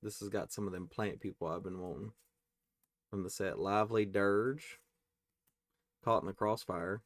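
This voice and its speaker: Guy opening card packs, lowish voice, dry close sound, reads names off and reacts quick. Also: steady tone, no room sound. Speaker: card-opening channel host. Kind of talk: casual pack-opening commentary.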